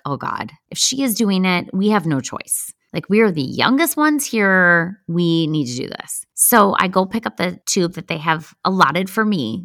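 Animated midlife woman telling stories. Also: lowish voice, creaky, dry recording, clean studio sound. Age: middle-aged. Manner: animated, self-deprecating, acts out quoted lines. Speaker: podcast host. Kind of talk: casual storytelling.

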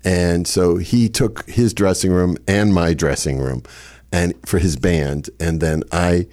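An older man with a fairly low voice spins wry stories about his family as an interview guest. He laughs at his own punchlines and moves easily from setup to joke. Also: fairly even intonation, takes it slowly, a little mellow. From Boston area. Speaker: comedian guest. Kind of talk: storytelling interview.

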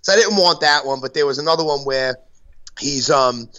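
A man's voice: a little high, fairly quick, bright, forceful tone. A man from Brooklyn telling a rambling story in casual chat, full of fillers and swearing. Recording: dull lo-fi sound.

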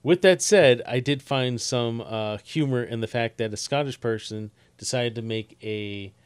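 A talkative man trades casual banter as a podcast co-host, laughing often along the way. His voice sits at an ordinary middle pitch for a man. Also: clear, resonant tone. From New Jersey. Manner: chatty, quick to laugh at his own jokes. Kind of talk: casual chat.

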